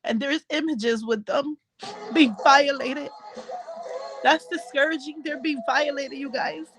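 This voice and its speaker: Woman with a high voice, emotional vlog rant, fired up and talking right at the audience. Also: steady tone, a little slow, over music, rough recording. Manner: heated, repetitive, talks straight to viewers with religious asides. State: crying. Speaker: commentary vlogger. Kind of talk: emotional casual rant to viewers.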